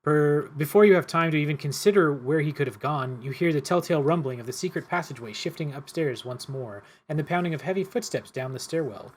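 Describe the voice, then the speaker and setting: A man's voice: on the high side, fast, few pauses. A man playing a cooperative card game, reading the story text aloud and stumbling and correcting himself as he goes.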